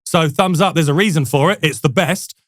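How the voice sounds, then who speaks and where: A man with a high voice tells a sales story in an animated, casual way. He laughs often and restarts his sentences. His voice sounds dry and close to the mic. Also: brisk, dry recording. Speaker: guest salesperson.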